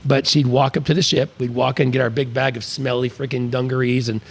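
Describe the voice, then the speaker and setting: A man's voice: mid-range voice, flat delivery, a little fast. A middle-aged man co-hosting a podcast, telling crude, rambling anecdotes in a casual way. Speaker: podcast co-host. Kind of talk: casual storytelling chat.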